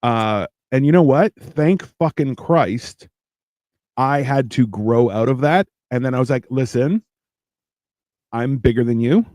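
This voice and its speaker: A man's voice: mid-range voice, a little slow, dry recording, clean studio sound. A man co-hosting a casual podcast, telling profane stories and acting out what people said. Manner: animated storyteller, acts out quotes, profane. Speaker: podcast co-host. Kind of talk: casual storytelling chat.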